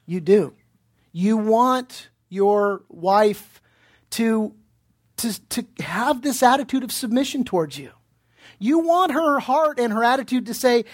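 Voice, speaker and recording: A man preaching a sermon as pastor, earnest and direct, putting pointed questions to his listeners and often restarting his words. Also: very high voice. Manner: earnest, repeats himself while searching for words, asks pointed questions.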